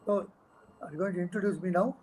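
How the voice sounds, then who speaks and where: A man, a guest speaker on a video call, telling an animated anecdote and acting out the dialogue with chuckles. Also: high-pitched, quick pace, poor audio. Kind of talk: storytelling talk.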